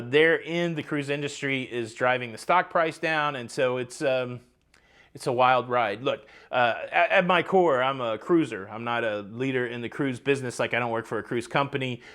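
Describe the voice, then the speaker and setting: A man's voice: medium pitch, moderate pace, a bit bright. A man hosting a cruise news vlog, chatty and upbeat, talking straight to his viewers from outdoors by the ocean. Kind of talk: casual vlog commentary.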